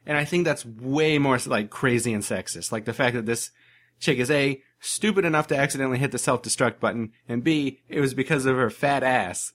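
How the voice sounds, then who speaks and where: A man's voice: medium pitch, brisk. A man co-hosting a casual podcast chat, rambling with lots of "like" as he retells movie scenes. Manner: rambling, heavy use of "like", animated retellings.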